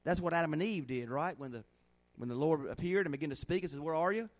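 Folksy high-voiced preacher. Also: male voice, fast talker. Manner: folksy and animated, acting out little scenes in a hushed voice. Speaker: pastor. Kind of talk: sermon.

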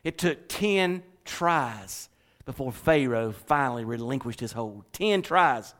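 A male pastor delivering a sermon to his church in an animated, emphatic way with humorous asides. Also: mid-range voice, slow pace.

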